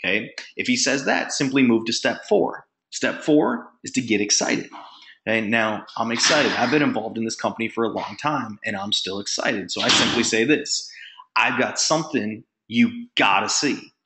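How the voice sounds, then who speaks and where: A man's voice: on the low side, animated, normal speed, bright, forceful tone. Punchy, emphatic man giving sales training. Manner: emphatic, punchy, acts out sample phone calls. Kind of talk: motivational phone training talk.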